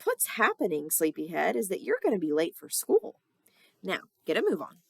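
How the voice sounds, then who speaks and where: A woman voices a fussy, brisk mother in a storybook reading. Her low, gravelly voice scolds and nags in a dry, close recording. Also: wildly swooping pitch, no room sound, full character voice.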